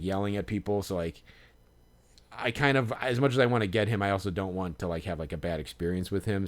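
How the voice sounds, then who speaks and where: Male podcast co-host, lower voice, loose rambling delivery full of fillers. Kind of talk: casual chat.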